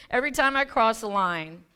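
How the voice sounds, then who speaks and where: A woman's voice: fairly high pitch, animated, a little slow, pushed and bright, clean tone. A woman who works as a life coach gives a chatty, self-deprecating sermon, telling a personal story in a church sanctuary and laughing along with the congregation. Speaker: guest speaker and life coach.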